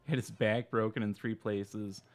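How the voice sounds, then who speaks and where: A man's voice: lowish voice, steady tone, moderate pace. A man co-hosting a podcast, telling a story in casual chat with lots of laughter and loose asides. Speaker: podcast co-host.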